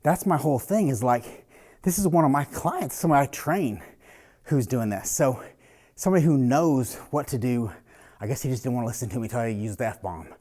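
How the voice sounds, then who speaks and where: Male personal trainer, casual and blunt, mid-pitched voice, talks through his sets with a salty edge. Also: expressive, brisk, dark tone. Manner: blunt, casual, swears freely. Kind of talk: casual workout coaching talk.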